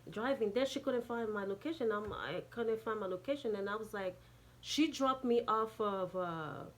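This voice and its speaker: A woman's voice: mid-range voice, normal speed. Jamaican woman rambling thru a story, swears a lot, keeps restarting. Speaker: vlogger. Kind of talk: casual storytime.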